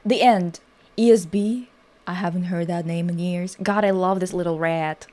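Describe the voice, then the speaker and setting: A woman's voice: on the low side, steady tone, moderate pace, a little mellow. Rambling, profane woman streamer. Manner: rambling, profane, self-interrupting. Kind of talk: casual livestream commentary.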